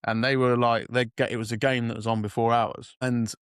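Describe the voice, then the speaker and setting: A man co-hosting a casual podcast, telling stories in an animated way with lots of laughter. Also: mid-range voice, fairly quick, smooth, no room sound, clean studio sound. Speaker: podcast co-host. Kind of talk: casual chat.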